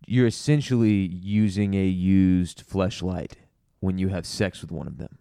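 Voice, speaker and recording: A man's voice: low voice, measured pace, gravelly, few pauses, mellow, smooth, no room sound, clean studio sound. A man co-hosting a podcast, giving blunt, opinionated takes in casual chat. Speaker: podcast co-host.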